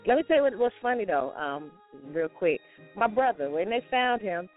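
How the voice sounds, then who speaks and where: A man's voice: high-pitched, very animated, moderate pace. A man co-hosting a casual morning talk show, earnest and a little hesitant, often repeating himself. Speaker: radio show co-host. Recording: tinny phone-like line with faint music.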